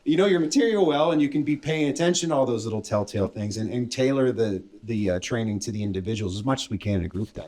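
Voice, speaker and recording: A man's voice: medium pitch, animated, fast talker, hardly any pauses, warm tone. A man co-hosting a podcast, explaining his views on teaching in a thoughtful, mentoring way. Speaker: co-host, instructor. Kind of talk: casual podcast chat.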